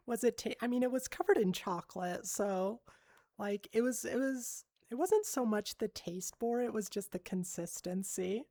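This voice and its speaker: Woman, livestream chat, slow, rambling, fillers and giggles, dry close sound. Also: a little high, darkish tone, no echo. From United States.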